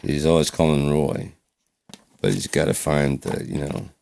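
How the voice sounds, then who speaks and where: A man's voice: a bass voice, lively intonation, unhurried, creaky, a little mellow. A man casually telling a rambling, profane story to his own channel, with lots of restarts. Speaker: vlogger.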